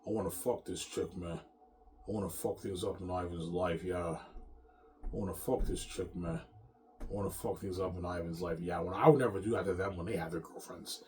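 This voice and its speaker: A low-voiced man rambles on in a loose monologue, cursing often and circling back over the same points. He tacks "man" and "yeah" onto his lines, and a faint hiss sits underneath. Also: fairly even intonation, moderate pace, darkish tone. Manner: profane, repetitive, ending lines with "man" and "yeah". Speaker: vlogger.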